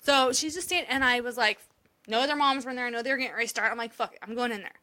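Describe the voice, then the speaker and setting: A woman's voice: fairly high pitch, rapid-fire, pushed and bright. A woman co-hosting a podcast, telling an emotional story in casual chat, swearing freely and laughing often. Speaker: podcast co-host.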